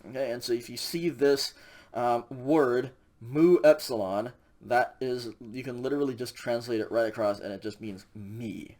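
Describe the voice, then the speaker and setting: A man teaching a recorded lesson, explaining slowly and checking in with frequent "okay" and "um" as he goes. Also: medium pitch. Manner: relaxed explaining, many ums and okays. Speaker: Greek instructor. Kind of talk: recorded classroom lecture.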